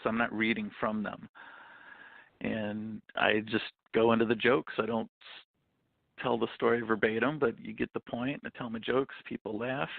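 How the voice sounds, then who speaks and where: Guest author, 30s man, creaky and gravelly, dry phone-line sound. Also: mid-range voice, no room sound. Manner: jokey, repeats words as he starts. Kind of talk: casual interview chat.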